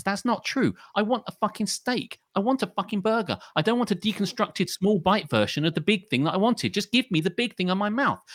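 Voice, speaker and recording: Animated ranting man, dry close mic. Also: sits high, dry recording. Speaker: podcast co-host. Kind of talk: casual chat.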